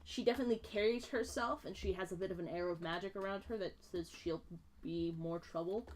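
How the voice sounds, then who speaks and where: A woman's voice: mid-range voice, a little fast, a little hiss or hum. Woman game master narrating, lots of ums. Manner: descriptive, many fillers like um and like.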